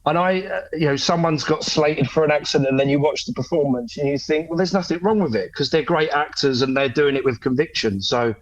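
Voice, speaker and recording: A middle-aged man talks casually as a podcast guest, slightly high in pitch. He is self-deprecating and often laughs. The sound is muffled and dry. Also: a little fast, few pauses, dry recording. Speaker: actor guest. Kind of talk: casual chat.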